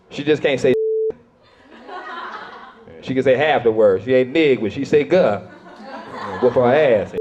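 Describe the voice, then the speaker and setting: A man's voice: mid-range voice, highs cut off, noisy background. A middle-aged man doing a stand-up routine in a loose, conversational way, full of asides to the crowd. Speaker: stand-up comedian.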